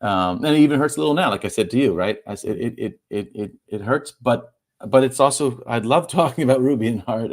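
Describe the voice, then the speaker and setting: A man, the guest author in an interview, talking in a halting way, repeating words and laughing softly as he speaks. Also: sits low. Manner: halting, repeats words, stumbles through fillers; laughs softly mid-sentence while talking. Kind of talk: emotional conversational interview.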